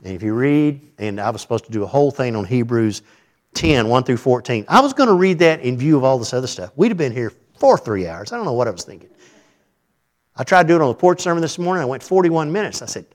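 A man preaching a sermon in a conversational, animated way. He rises to loud, emphatic points, then drops to quiet asides. His voice sits in an ordinary middle range for a man. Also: mid-range voice. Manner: animated, conversational preaching with big swings in loudness. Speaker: pastor.

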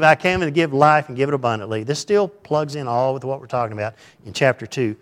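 A man's voice: medium pitch, fast talker, few pauses. A middle-aged man preaching a conversational sermon in a folksy, rambling way, often putting questions to his listeners.

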